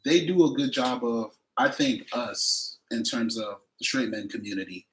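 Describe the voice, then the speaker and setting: A man chatting casually on a podcast, playful and quick with agreement. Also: medium pitch, a bit bright, a little hiss or hum, poor audio. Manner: playful, lots of backchannel agreement. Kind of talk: casual chat.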